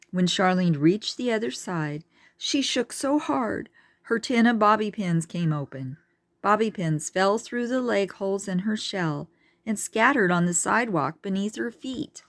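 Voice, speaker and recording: A woman reading a children's book aloud, unhurried, with chatty asides to her listeners. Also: mid-range voice, no echo, studio quality. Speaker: reader.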